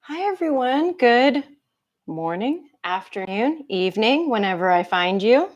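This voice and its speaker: A woman's voice: on the high side, big pitch swings, measured pace, highs cut off. A woman instructor chatting casually with viewers before a live movement class, laughing often and greeting people by name. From United States.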